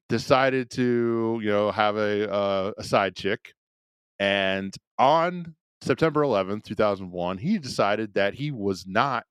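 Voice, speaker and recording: A man's voice: fairly low pitch, smooth, no echo. A man co-hosting a casual podcast chat, telling a crude anecdote and acting out the quoted voices. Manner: storyteller, acts out quotes in a raised voice; frequent restarts, crude jokes. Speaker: podcast co-host.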